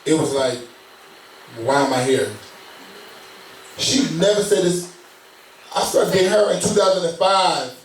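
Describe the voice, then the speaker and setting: Male co-host, 30s, casual slangy talker, pitch a touch high, roomy distant sound. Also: moderate pace, slight background noise. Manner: relaxed, slangy, often asks "you know what I'm saying?". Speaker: podcast co-host. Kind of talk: casual chat.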